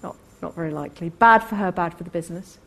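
A woman telling a workplace story in a talk, animated and acting out the people she quotes. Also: fairly low pitch, fast talker, gravelly. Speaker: co-host.

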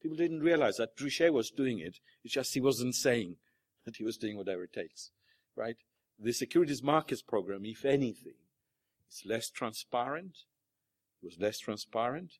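A man's voice: mid-range voice, animated, normal speed, no room sound. A man giving an academic presentation at a panel, hesitant with many fillers and restarts. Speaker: panel speaker.

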